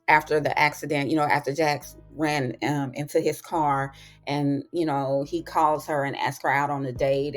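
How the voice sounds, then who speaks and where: A woman hosting her own TV recap channel, telling the story in a casual, sassy and animated way. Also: sits low. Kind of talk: casual review vlog.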